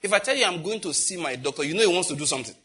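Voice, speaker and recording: A middle-aged man, preaching a sermon with lively rhetorical questions. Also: a little high, rapid-fire, husky. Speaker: pastor.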